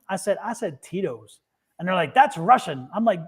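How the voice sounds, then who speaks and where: A man's voice: sits high, expressive, brisk, husky. A man hosting a livestream tarot show over a video call, chatty and laughing often. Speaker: tarot reader and host. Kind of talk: casual livestream chat.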